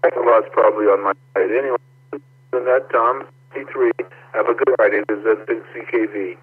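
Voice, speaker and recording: A man's voice: fairly low pitch, fairly even intonation, a little fast, husky, dry recording. A man checking in to a ham radio net, brief and matter-of-fact. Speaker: caller. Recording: tinny radio transmission.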